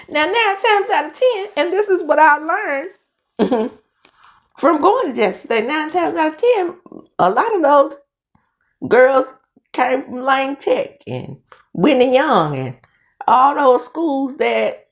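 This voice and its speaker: A woman's voice: high voice, takes it slowly, long pauses. A middle-aged woman from the US South with a Southern accent, chatting in a casual commentary vlog, talking through dental aligners, with lots of fillers and restarts. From Mississippi, US South. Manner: animated storytelling with frequent fillers and restarts. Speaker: commentary vlogger.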